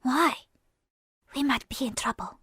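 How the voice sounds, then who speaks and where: A frightened, fierce young girl in an audio drama, acted by a woman narrator. Her voice jumps high and loud, cracking as she pleads. The recording is dry and close. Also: extremely slow, slightly rough, no echo, full character voice. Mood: hushed. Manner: cries out in shrill, cracking pleas.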